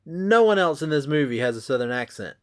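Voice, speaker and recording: A man's voice: a little high, sing-song, a little fast. A man hosting a casual movie podcast, chatting and sharing comic book trivia. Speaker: podcast host.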